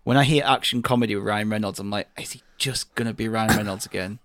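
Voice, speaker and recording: Low-voiced, measured man chatting. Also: a bit bright, no room sound, studio quality. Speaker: podcast co-host. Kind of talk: casual chat.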